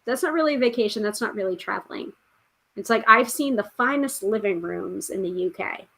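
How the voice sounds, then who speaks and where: A woman's voice: medium pitch, animated, a little fast, creaky, pushed and bright, slightly rough. Woman, podcast host, casual chatty live-stream delivery, mid-range voice. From United States. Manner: chatty, reads out viewer comments, frequent fillers.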